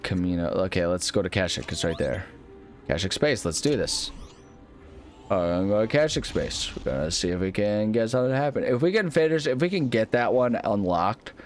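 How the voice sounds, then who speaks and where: A young man casually commenting on a video game as he plays, thinking aloud and rambling with lots of restarts. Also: lowish voice. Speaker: let's play host.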